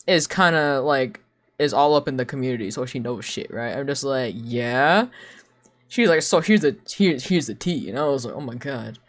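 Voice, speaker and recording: A young adult streamer chatting casually while drawing, telling gossip, acting out what others said with gasps and lots of fillers. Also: mid-range voice. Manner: gossipy storytelling, acting out quoted people with gasps; filler-heavy, many "like"s. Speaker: live streamer.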